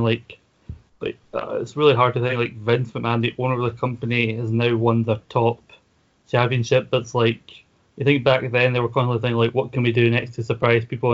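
A man talking on a casual podcast, steady and leaning heavily on "like". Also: mid-range voice, lo-fi sound. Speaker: podcast guest and fellow host. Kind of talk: casual podcast review chat.

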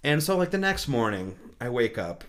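A man's voice: medium pitch, sing-song, moderate pace, a bit bright. A young American man telling a long story in casual chat, rambling with many "like"s and "you know"s, laughing as he goes and acting out his own lines. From United States.

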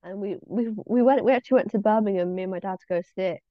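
A woman's voice: medium pitch, very fast, no echo, highs cut off. A teenage girl from England, a podcast guest, chatting in a playful, giggly, teasing way. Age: teen. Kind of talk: casual chat.

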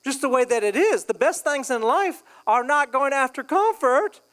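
A man's voice: extremely high pitch, animated, normal speed, a bit bright. A male pastor preaching a sermon in a casual, joking way, acting out quoted voices. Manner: jokey, conversational, acts out quoted voices. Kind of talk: humorous sermon.

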